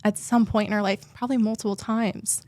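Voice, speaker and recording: A young adult woman telling a personal story with open, heartfelt feeling, sometimes close to tears. Her voice sits in an ordinary middle pitch, and the sound is dry and close. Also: steady tone, brisk, a little mellow, no room sound. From New Jersey. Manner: heartfelt, tearful at moments, many "like" fillers. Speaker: therapist guest.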